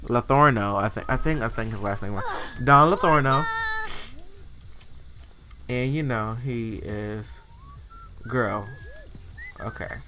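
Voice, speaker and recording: A man commentating gameplay casually, animated and sassy, voicing the characters' thoughts with mock swearing into a desk microphone. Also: mid-range voice, takes it slowly, long pauses. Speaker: let's play host. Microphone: desk USB microphone.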